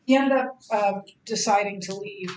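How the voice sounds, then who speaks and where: A middle-aged woman teaching a Bible study lecture, halting often with ums and restarts. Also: mid-range voice, roomy sound, slight background noise, poor audio. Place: church classroom.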